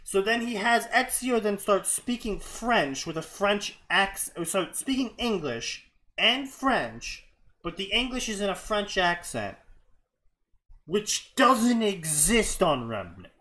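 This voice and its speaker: A man's voice: high-pitched, big pitch swings, takes it slowly, bright, forceful tone, low-quality recording. A man hosting a comedy show, reading fanfiction aloud with exasperated, sarcastic commentary. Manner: exasperated, sarcastic, often laughing.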